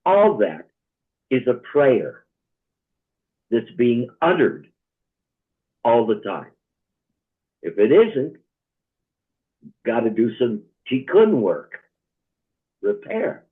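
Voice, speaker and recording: A man, a rabbi, telling a story slowly and reflectively in a conversation, often checking in with "all right?". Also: medium pitch, wildly swooping pitch, breathy edge. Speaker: rabbi, guest speaker. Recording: tinny phone-like line.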